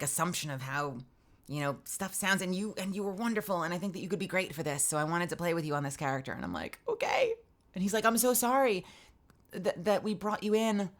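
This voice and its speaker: A woman voice actor streaming from her home booth, telling a story in an animated way and acting out both sides of the conversation. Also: medium pitch. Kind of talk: casual stream chat.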